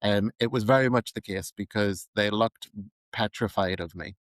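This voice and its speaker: A man's voice: fairly low pitch, moderate pace, no room sound, low-quality recording. A Northern Irish man from Newry in his thirties, co-hosting a podcast and telling a story with lots of ums and laughs. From Northern Ireland. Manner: chatty storyteller, laughs often, many ums. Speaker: podcast co-host. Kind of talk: casual chat.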